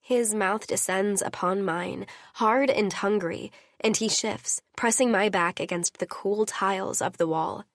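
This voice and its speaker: A woman's voice: mid-range voice, unhurried, hardly any pauses, no echo, studio quality. A woman narrating a romance audiobook in an intimate first-person reading.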